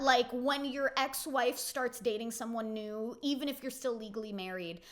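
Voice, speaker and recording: A woman's voice: high voice, bright, forceful tone. A young woman hosting a casual reality TV recap, chatty and opinionated, peppering her talk with "like". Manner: chatty, opinionated, heavy use of "like".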